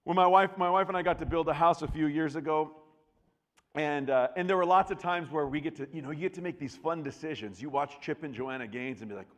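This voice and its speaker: A middle-aged male pastor preaching with animated storytelling and swings of pitch and loudness. His voice sits a little high for a man. The sound rings with the long reverb of a large hall. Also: fairly quick. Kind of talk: sermon.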